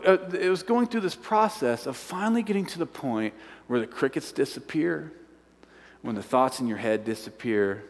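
A man preaching a sermon as a pastor, in a hushed and intimate way. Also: medium pitch, expressive, moderate pace. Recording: long hall reverb with clear guitar music. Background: guitar playing.

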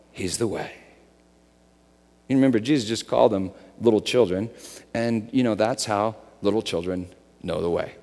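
A middle-aged man from the United States preaching a sermon, telling stories and swinging between loud excitement and a soft hush. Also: on the low side, normal speed, long pauses. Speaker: pastor. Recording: long hall reverb.

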